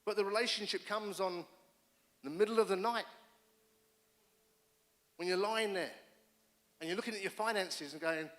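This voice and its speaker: A middle-aged man preaching a sermon as pastor, telling personal stories in an animated, emphatic way. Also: high-pitched, moderate pace, pauses often.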